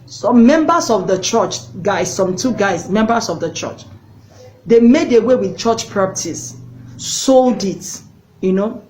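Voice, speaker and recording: A woman's voice: medium pitch, expressive, measured pace, a little mellow, a little hiss or hum, low-quality recording. A woman evangelist preaching a sermon, telling a story and urging viewers directly, repeating words for emphasis. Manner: earnest, directly addresses viewers.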